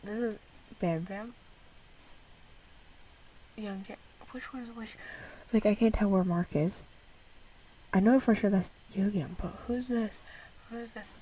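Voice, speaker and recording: A woman's voice: mid-range voice, a little slow, pauses often, warm tone, far from the mic, a little hiss or hum, rough recording. A young woman casually reacting to a music video, chatty and giggly, rambling with lots of fillers.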